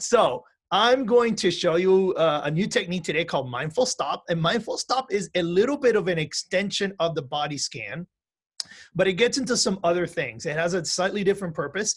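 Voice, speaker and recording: Man, music teacher, online class, fairly high voice, chatty, keeps asking "right?". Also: fairly bright tone. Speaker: music teacher leading a mindfulness course.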